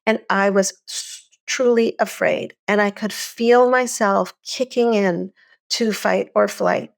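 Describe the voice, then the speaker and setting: A middle-aged woman with a gravelly, creaky edge tells a personal story with earnest energy. Her voice sits at an ordinary pitch for a woman, and the talk moves along conversationally. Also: steady tone, takes it slowly. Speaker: podcast co-host.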